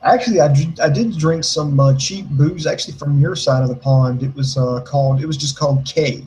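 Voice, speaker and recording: An American man co-hosting a casual show, telling a story in an animated way, swearing a lot and acting out the quotes. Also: on the high side, brisk, slight background noise, low-quality recording. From United States. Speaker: podcast co-host.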